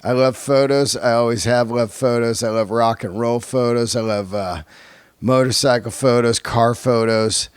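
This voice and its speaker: A middle-aged man hosts his podcast in a loose, swearing style, often breaking into laughter. His voice sits at an ordinary pitch and is recorded close and dry, with no room sound. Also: steady tone, moderate pace, clear, resonant tone, no room sound. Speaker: podcast host. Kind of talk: casual monologue and interview.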